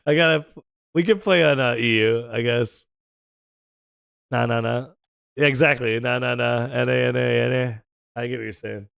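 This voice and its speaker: An American man streaming a game and chatting casually with his viewers, joking, teasing and firing off quick questions. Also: medium pitch, fairly even intonation, creaky, a bit bright, no echo, clean studio sound. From United States. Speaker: gaming streamer.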